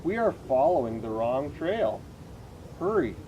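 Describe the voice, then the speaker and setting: A man's voice: a little high, sing-song, unhurried, lo-fi sound, slight background noise. A man voicing a clever, confident male detective while reading a children's picture book aloud, eager and exclaiming as he reasons things out. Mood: excited.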